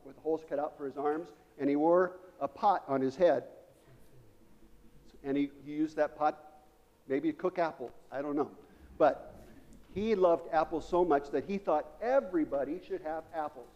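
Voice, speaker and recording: A man's voice: on the high side, dark tone, dull audio. A man giving a children's sermon as pastor, playful and chatty, asking the children questions in a church sanctuary. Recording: long church reverb.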